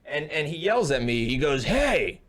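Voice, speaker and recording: A young man, co-host of a casual talk show, tells a story over a remote call with headphones on. His voice sits a touch high. He leaps into the other man's lines with shouts and sharp rises. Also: lively intonation, a little fast. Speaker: podcast co-host.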